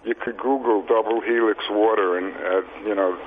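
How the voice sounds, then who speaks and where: A man's voice: fairly low pitch, fairly even intonation, normal speed. A man calling in to a radio show, speaking hesitantly and searching for his words. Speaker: caller. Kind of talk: phone call-in question. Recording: tinny phone line with faint hiss.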